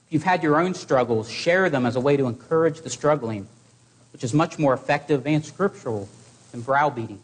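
Earnest male preacher delivering a sermon. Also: fairly high pitch. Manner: earnest, exhorting delivery with measured pauses.

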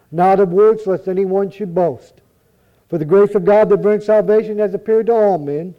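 A man reciting scripture in a measured, solemn way, with the odd stumble over a word. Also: high voice. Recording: dull lo-fi recording.

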